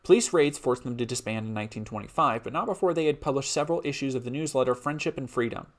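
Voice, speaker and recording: A man streaming live reads a history script in an everyday mid-pitched voice. He breaks off often for loose, laughing asides to his chat, then returns to the reading. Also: fast. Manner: casual, laughing asides between read passages.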